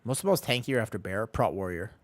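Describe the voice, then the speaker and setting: A man's voice: lowish voice, expressive, brisk, no echo. Joking man chatting on stream. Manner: chatty, joking, answers chat. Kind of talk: casual stream chat.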